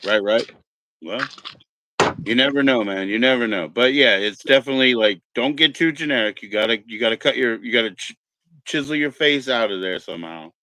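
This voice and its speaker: An easygoing man from California hosts a stream in a relaxed, rambling way, swearing now and then. His voice sits at an ordinary pitch and sounds dry, as if close to the mic. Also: a little fast, dry recording. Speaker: streamer host. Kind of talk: casual chat.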